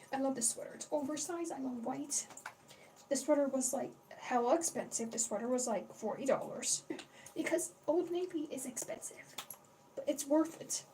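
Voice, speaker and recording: This young woman's voice sits high and runs at normal speed as she hosts a casual livestream. She chats and rambles, swearing freely and greeting her chat, with a distant mic catching faint background noise.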